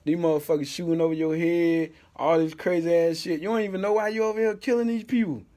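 A middle-aged man with a Central Florida accent, hosting a podcast with loud, laughing, profane storytelling. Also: a little high, steady tone, fast. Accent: Southern US, Central Florida. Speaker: podcast host. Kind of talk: casual podcast banter.

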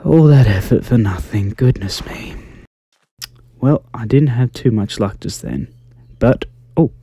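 Male, soft ASMR game commentator, mellow tone, gentle and quaint, flusters easily. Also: mid-range voice, measured pace, breathy edge, dry recording. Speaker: gaming YouTuber.

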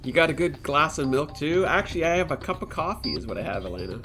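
A man's voice: on the high side, sing-song, fast talker, over music. A man hosting a live game stream, chatting with viewers and reacting aloud to the game, laughing easily. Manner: chats with viewers about snacks and drinks. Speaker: let's play host. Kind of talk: live-streamed gameplay commentary.

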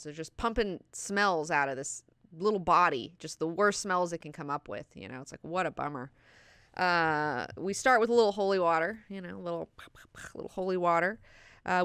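A woman's voice: fairly low pitch, bright, forceful tone, clear, resonant tone, no room sound, studio quality. A woman hosting a book class, talking casually with heavy swearing and lots of "like" and "you know".

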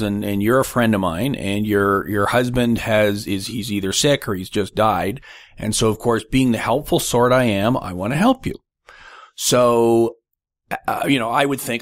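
A man's voice: medium pitch, fairly bright tone, no room sound, studio quality. A man hosting a podcast interview, chatty and rambling, with playful hypothetical questions. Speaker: podcast host. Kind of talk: conversational interview.

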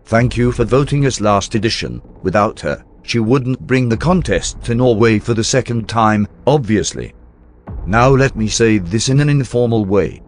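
A man's voice: on the low side, lively intonation, moderate pace, a little hiss or hum, lightly acted. A man doing a joking older king. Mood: regal teasing. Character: older male king, regal yet joking. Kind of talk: mock jury spokesperson address.

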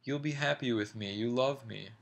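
A man's voice: medium pitch, moderate pace, vocal fry, close to an everyday voice. A man reading a young lover's lines in an insistent, pleading way. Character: young man, ardent then enraged.

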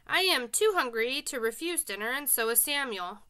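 A woman's voice: high-pitched, animated, normal speed, pushed and bright. A woman reading a children's novel aloud as an audiobook, with friendly, casual asides to her listeners. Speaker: reader.

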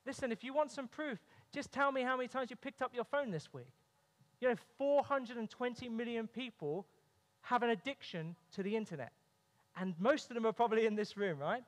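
A man's voice: very high-pitched, a little fast. A man preaching a sermon in a church, earnest, with humorous family stories. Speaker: pastor. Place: church sanctuary. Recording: long reverb of a church hall.

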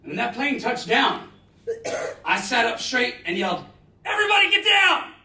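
A man in his forties giving a live motivational talk, telling stories dramatically with bursts of loud emphasis. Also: extremely high pitch, lively intonation, normal speed. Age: 40s. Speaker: motivational speaker. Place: large lecture hall. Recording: roomy hall, distant mic.

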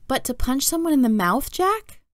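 A woman's voice: mid-range voice, normal speed, vocal fry, no echo, clean studio sound, lightly acted. A woman voicing a worried, exasperated mother who pleads and raises her voice, reading a storybook aloud. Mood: upset.

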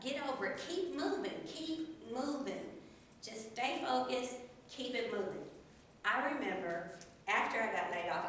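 A woman giving an energetic motivational speech at a speaking club, laughing often and repeating phrases for emphasis. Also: mid-range voice, a little hiss or hum. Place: meeting room. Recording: very echoey room from far off.

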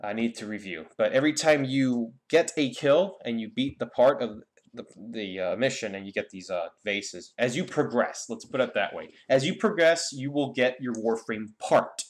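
A man's voice: mid-range voice, normal speed. A young man giving a casual, rambling game guide with many fillers and restarts. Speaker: gaming YouTuber.

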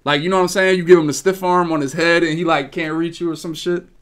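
A gaming podcast host talks fast in a voice on the high side. He's casual and animated, swearing a lot as he rambles through stories.

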